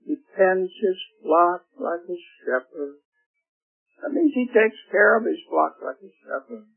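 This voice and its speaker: An older man preaching a gentle, emphatic sermon on the radio and asking his listeners questions. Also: high voice, lively intonation, a little slow, gravelly, husky. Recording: tinny phone-like radio broadcast with faint music.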